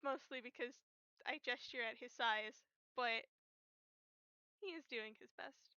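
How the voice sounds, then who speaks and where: A woman's voice: a little high, a little slow, pushed and bright, clean tone, no room sound. A woman casually narrating her character in a tabletop role-play, rambling and correcting herself as she goes. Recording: dull lo-fi, dry.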